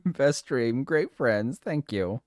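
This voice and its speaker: A man's voice: medium pitch, sing-song, very slow, darkish tone, no echo, clean studio sound. A man streaming live, chatting casually with his viewers, giggling a lot and swearing playfully.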